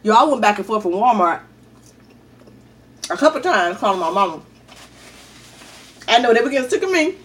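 A middle-aged woman vlogger telling a story in a chatty, animated way and often calling out to her viewers. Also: on the high side, moderate pace, long pauses, far from the mic. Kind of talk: casual storytelling.

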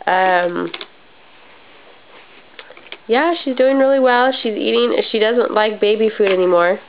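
A woman's voice: fairly high pitch, a little slow, long pauses, slight background noise. A young adult woman chatting casually at home for a family home video, rambling a little with frequent ums. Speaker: mother filming a family update. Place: home living room. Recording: slightly dull lo-fi home video.

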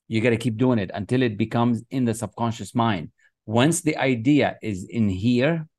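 A man's voice: medium pitch, a little mellow, no room sound. A man teaching a motivational class, speaking emphatically and often repeating phrases and affirmations. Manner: emphatic and repetitive, chanting affirmations. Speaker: success coach. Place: online class, writing on screen with a mouse.

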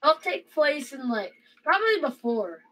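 High, bright-voiced woman gamer. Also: big pitch swings, slight background noise, rough recording. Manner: quick, hesitant, repeats words. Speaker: roleplay player. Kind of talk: casual game roleplay chat.

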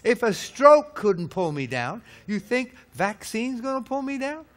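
High-pitched male preacher, emphatic sermon delivery, rhetorical questions, sharp swings in volume. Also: big pitch swings, a little slow. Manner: swings between loud peaks and low hushed lines.

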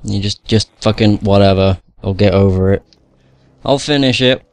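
A man's voice: fairly low pitch, moderate pace, clear, resonant tone. A young man giving casual gameplay commentary, swearing a lot, grumbling at the game and laughing at himself. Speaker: gamer playing through a video game.

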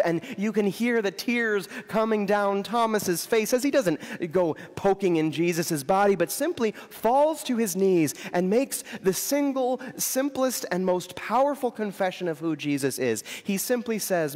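A man's voice: high voice, expressive, unhurried, darkish tone, in a large hall. A man preaching an Easter sermon in a church, conversational in tone and repeating words for emphasis. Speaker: Episcopal priest preaching.

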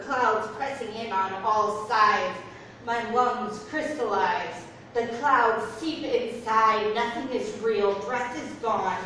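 Woman spoken-word poet, fairly high voice, chatty asides between poems, recorded far off in an echoing, noisy room. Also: a bit bright. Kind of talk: poetry reading with casual asides. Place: art gallery, indoors. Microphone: far from the recording mic.

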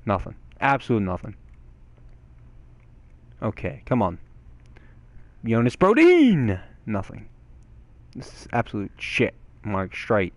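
A young man giving excitable gameplay commentary, swearing and yelling at the game. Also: fairly low pitch, a little slow, pauses often, no room sound. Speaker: gaming channel host.

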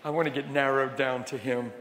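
A middle-aged man preaching at a conference, telling a story in a conversational way that swings from hushed to loud. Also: mid-range voice, steady tone, a little fast, a little hiss or hum. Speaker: conference speaker. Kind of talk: storytelling sermon. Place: large conference hall. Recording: echoey hall with long reverb.

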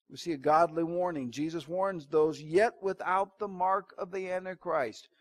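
A man with a notably high-pitched voice preaches an evening sermon in church. He drives his points home loudly, then drops to quiet, hushed asides for effect. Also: steady tone, normal speed, few pauses. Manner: dramatic preaching, swinging between loud emphasis and low hushed asides. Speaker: pastor.

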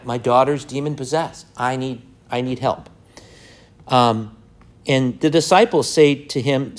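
A man teaching a Bible study class in a conversational way. He reads out verses, asks the class questions and acts out the people in the story. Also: medium pitch.

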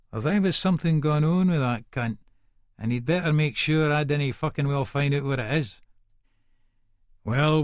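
A man's voice: mid-range voice, dry recording, natural voice. An actor with an Edinburgh Scots accent narrating as a volatile, foul-mouthed Leith man in middle age, in a full-cast audiobook. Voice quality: coarse, swearing, menacing. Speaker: first-person narrator.

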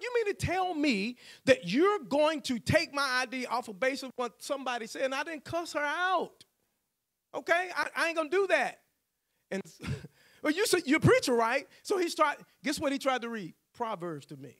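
A man's voice: very high voice, animated, a little slow, a bit bright. A male pastor, telling a personal story in a sermon, acting out the voices he quotes and laughing often.

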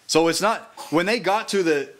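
A man with a bright, fairly high voice preaches a sermon at a small house church gathering. He reads scripture slowly and deliberately, then talks through its meaning in a relaxed, conversational way. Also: slight background noise.

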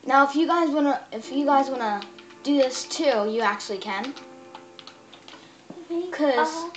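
A woman's voice: high-pitched, unhurried. A woman hosting a casual game tutorial, chatty and bossy as she explains and shushes a friend. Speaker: gaming channel host. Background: background music.

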